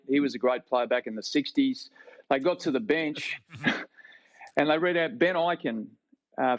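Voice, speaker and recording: Australian man telling a lively story. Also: medium pitch, no room sound, dull audio. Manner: animated anecdotal storyteller, self-deprecating. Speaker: guest, former rugby league player. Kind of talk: storytelling interview. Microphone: video call.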